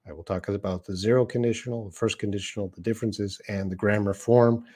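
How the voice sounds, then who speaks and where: A middle-aged man hosting a live English class, talking in an easy, conversational way as he reads out questions from the chat. His voice sits fairly low, and he explains things plainly and patiently. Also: fairly even intonation, fast talker, dark tone. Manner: casual and conversational, reads viewer questions aloud and answers them. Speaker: English teacher. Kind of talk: live-streamed lesson answering chat questions.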